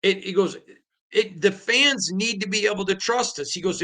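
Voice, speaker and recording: Alone on his sports podcast, a man recounts conversations with an emphatic storytelling flair. His voice is high-pitched, pushed and bright, at a normal speed.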